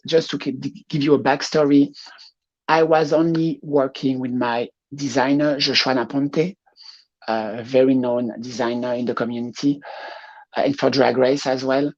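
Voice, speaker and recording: Woman with a French accent, lo-fi. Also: extremely low pitch. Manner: warm, laughing often, searching for words. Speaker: guest, pageant showgirl. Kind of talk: casual interview.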